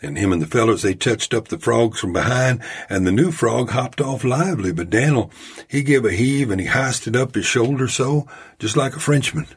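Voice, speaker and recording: A man's voice: medium pitch, expressive, moderate pace, husky, pitched above the performer's own voice. A man voicing a rambling old storyteller from a mining camp, with a folksy, drawling manner. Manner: folksy drawling tall-tale telling.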